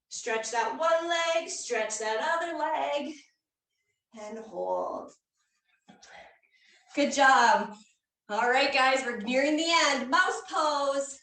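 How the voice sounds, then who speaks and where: Cheery whoops ring out as a woman yoga instructor guides kids through a playful, encouraging class in an indoor hall at a public fair. Her voice sits high, with a fairly bright tone and drawn-out words. She's picked up from far away in an echoey room.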